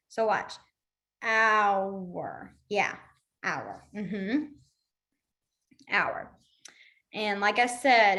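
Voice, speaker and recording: A woman's voice: medium pitch, sharp tone. Chatty woman teaching a class. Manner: chatty, laughs often, quick asides. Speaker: sign language teacher. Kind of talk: casual online class instruction.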